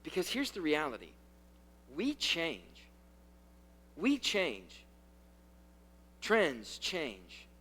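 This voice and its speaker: A man with a high-pitched voice preaches to a youth group in a casual, conversational way. He swings between loud, quick bursts and hushed, slow lines, and repeats key phrases for emphasis. His tone is bright and forceful. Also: wildly swooping pitch, husky. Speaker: youth pastor. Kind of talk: sermon.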